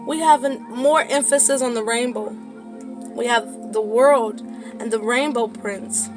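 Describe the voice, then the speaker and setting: High-voiced woman reading tarot over music. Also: a little slow. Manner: impassioned, rising into preaching; profane, casual. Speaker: tarot reader.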